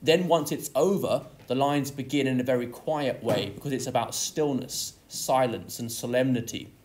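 A man's voice: medium pitch, moderate pace, a little mellow. A man teaching an English literature lesson, explaining a poem step by step and leaning on key words. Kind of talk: exam tutorial lesson.

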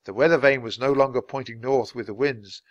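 A man's voice: mid-range voice, a little fast, no room sound, highs cut off. Man reading a storybook in a dry voice. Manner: clear, steady storytelling for language learners. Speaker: storybook reader. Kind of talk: reading a children's book aloud.

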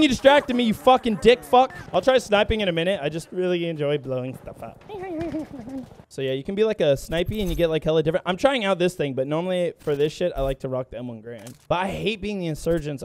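A young man streaming live gameplay, talking to his chat and teammates, excitable and profane, often breaking into shouts. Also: a little high, a little hiss or hum. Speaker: game streamer; military veteran gamer.

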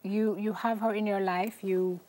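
Jamaican woman talk show host, mid-pitched, affirming interviewer with steady murmurs. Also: a little slow. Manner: affirming, frequent mm-hmms.

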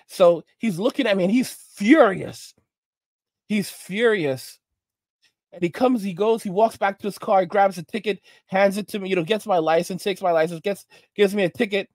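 A man hosting a commentary channel, telling stories in a halting, rambling way full of restarts and preaching about manners. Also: high-pitched, dry recording. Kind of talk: reaction commentary monologue.

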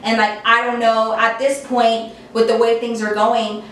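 A woman's voice: a little high, measured pace, a little hiss or hum. Chatty young woman in an echoey room. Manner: chatty, animated retelling with many "like" fillers. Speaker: storyteller. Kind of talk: casual storytime. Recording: echoey room, voice a bit distant from mic.

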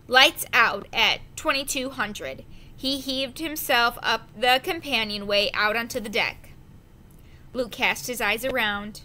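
A woman reading a children's adventure novel aloud, slow and careful, with the odd slip of the tongue. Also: fairly high pitch, sharp tone. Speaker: audiobook reader. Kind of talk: storybook narration.

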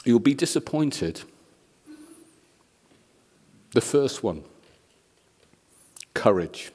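Man, sermon, animated storytelling, acts out the characters, medium pitch. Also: slow pace, husky. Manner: animated storyteller, voices the people in his stories. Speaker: guest preacher.

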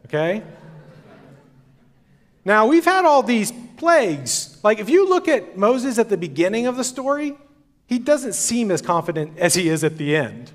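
A man's voice: sits high, big pitch swings, normal speed. A man giving a sermon at a conference, retelling the story in a casual, conversational way. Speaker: conference speaker. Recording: long hall reverb.

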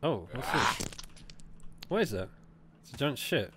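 A man's voice: mid-range voice, very animated, a little slow, background noise. A man giving jumpy horror gameplay commentary, reading the game's text aloud and reacting with laughs and swearing. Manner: reads on-screen game text aloud. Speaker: gaming YouTuber. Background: game music.

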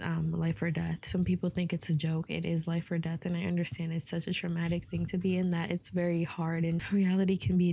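A woman's voice: fairly low pitch, gravelly, darkish tone. A woman hosting an advice video, talking in an earnest, heartfelt way and swearing casually. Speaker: host of an advice series.

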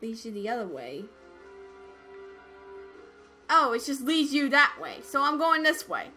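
A high, bouncy young woman's voice swooping all over as she talks through a video game. She speaks slowly and brightly, quick to squeal and laugh, with faint game music underneath. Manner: excitable, frightened squeals and laughs. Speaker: let's play gamer. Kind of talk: casual gameplay commentary.

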